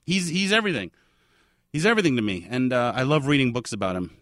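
An exuberant man chatting as a podcast guest, with a theatrical delivery. His voice is bright and animated. The sound is dry and close. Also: medium pitch, fast talker, no room sound. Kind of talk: casual chat.

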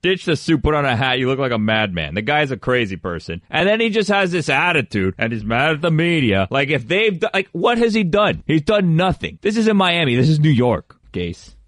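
An indignant, mock-serious radio blowhard rants on and on, as a man does an impression. The voice sits fairly high and swings widely in pitch. The studio sound is dry and close. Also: sing-song, a little fast, hardly any pauses, a bit bright, no room sound. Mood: ranting. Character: ranting impression of a gruff sports radio co-host. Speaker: impressionist guest. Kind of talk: comedic sports radio bit.

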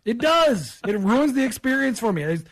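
A man's voice: very high voice, sing-song, normal speed. A man co-hosting a sports talk radio show, speaking bluntly and emphatically and often repeating himself.

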